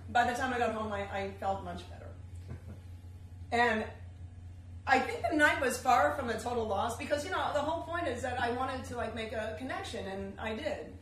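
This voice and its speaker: Bright-voiced woman in her thirties telling stories on stage. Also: on the high side, moderate pace, slight background noise. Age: 30s. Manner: chatty, self-deprecating, animated. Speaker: solo stage performer. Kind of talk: solo comedy storytelling. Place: theater stage. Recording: distant echoey live stage recording.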